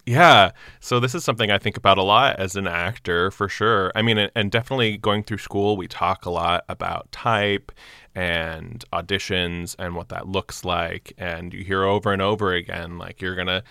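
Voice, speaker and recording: A young adult man, an actor, reading a short story aloud and acting out the dialogue with lively voices, then chatting casually about it. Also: deep voice, moderate pace, vocal fry, smooth, dry recording, studio quality. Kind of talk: storytelling narration and casual reflection.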